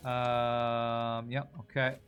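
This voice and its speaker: A young man streaming a video game, thinking out loud in a rambling, casual way as he works through problems. His voice sits at an ordinary middle pitch, with faint game music playing behind him. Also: monotone, very slow. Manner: rambling, talks to himself while working things out. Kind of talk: casual gameplay commentary.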